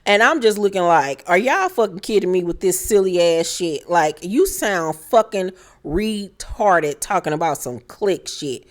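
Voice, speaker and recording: Woman, reality show recap, sassy, profane, lower-pitched voice. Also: unhurried. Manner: animated, profane, sassy, shouting high mock rants. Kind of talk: casual recap commentary.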